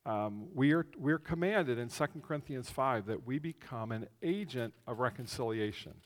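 A man preaching a conversational sermon as pastor, telling the story with animation and swinging between loud and hushed. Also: mid-range voice, expressive, normal speed. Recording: long reverb of a large hall.

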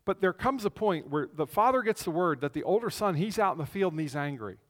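A man preaching a conversational sermon as pastor, telling the story with animation and swinging between loud and hushed. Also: high-pitched, lively intonation, fairly quick. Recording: long reverb of a large hall.

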